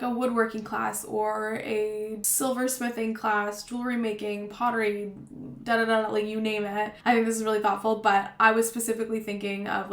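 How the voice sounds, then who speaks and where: A young woman talks casually and loosely to camera, filling her sentences with little fillers and restarts. Her voice sits at an ordinary middle pitch. The room around her is noticeably echoey. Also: a bit bright. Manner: chatty, rambling, lots of fillers. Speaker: vlogger. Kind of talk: casual gift-guide talk to camera. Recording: roomy echo.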